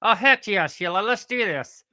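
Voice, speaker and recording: A woman's voice: medium pitch, lively intonation, normal speed, pushed and bright, no room sound, clean studio sound, pitched above the performer's own voice. A woman voicing a cheeky, crude male platypus puppet who teases his partner by name. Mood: rowdy. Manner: teasing, rowdy, keeps saying Sheila.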